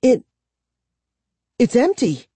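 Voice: lively intonation, a little slow, dark tone, slightly rough, no echo. A reader voicing a nervous, stubborn young girl who insists and stammers in a raised voice. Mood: insistent. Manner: high, insisting, stammering when frightened. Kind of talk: audiobook character voice.

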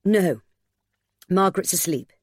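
A woman narrator voicing a desperate older gentleman who speaks with urgent, groaning intensity. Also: fairly low pitch, lively intonation, unhurried, no room sound, studio quality. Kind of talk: audiobook character voice.

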